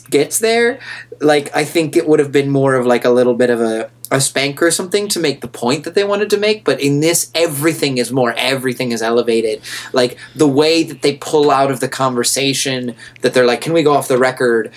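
Rambling male podcast co-host. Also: medium pitch. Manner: rambling, repeats words while thinking aloud. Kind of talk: casual chat.

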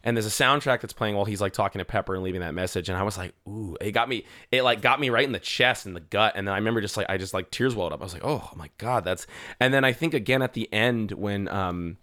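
A man co-hosting a podcast, chatting casually and excitedly about a movie, swearing and acting out scenes. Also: on the low side, quick pace. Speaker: podcast co-host. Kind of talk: casual movie-review chat.

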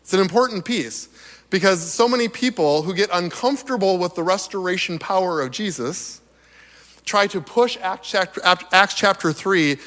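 A slightly hoarse man with a high voice delivers an animated sermon, chuckling between his points. His voice rings with the long reverb of a large hall. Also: normal speed. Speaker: preacher.

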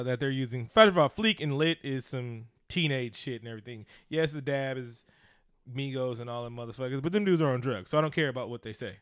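A man co-hosting a casual comedic podcast, talking in a profane, animated, mocking way. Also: medium pitch, no room sound, studio quality. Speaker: co-host.

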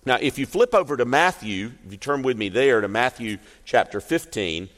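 Expressive preacher in an echoing hall. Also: male voice, medium pitch. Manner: expressive storyteller, slows for emphasis. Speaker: pastor. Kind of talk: sermon. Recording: echoey hall reverb.

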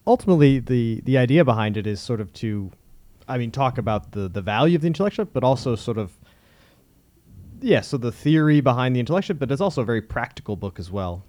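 A man's voice: mid-range voice, expressive, fast talker, a little mellow, dry recording. A man, a priest, co-hosting a casual chat and explaining things agreeably, with frequent fillers. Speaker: priest and podcast co-host.

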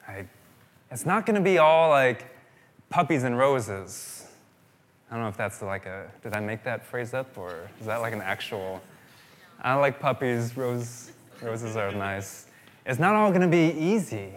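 A man's voice: medium pitch, a little hiss or hum. A male pastor giving a sermon in a conversational way, repeating phrases for emphasis.

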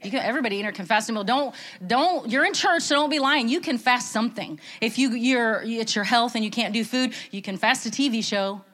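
A woman's voice: a little high, brisk, hardly any pauses, a bit bright. A woman giving an informal, earnest church talk, chatty and full of fillers and restarts. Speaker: church speaker.

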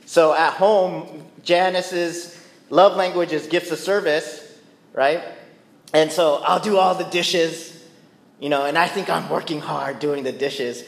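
A man's voice: fairly high pitch, steady tone, slow pace, creaky. A man preaching a sermon as pastor, conversational and playful, often checking in with the listeners. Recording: echoey church hall with long reverb.

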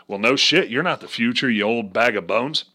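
A man's voice: medium pitch, animated, normal speed, pushed and bright, slightly rough. A man ranting casually and crudely about politics, swearing often, joking, and slipping into voices. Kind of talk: casual profane political rant.

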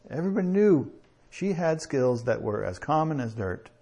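A man preaching a sermon in a conversational way, with chuckles and slow emphatic pauses. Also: a little high, very animated, darkish tone, breathy edge.

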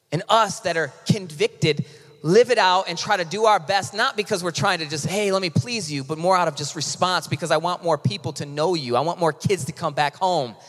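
A man preaching as pastor in a casual, impassioned sermon that swings between loud and hushed, with frequent restarts. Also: high-pitched. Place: church sanctuary. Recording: long reverb of a large hall.

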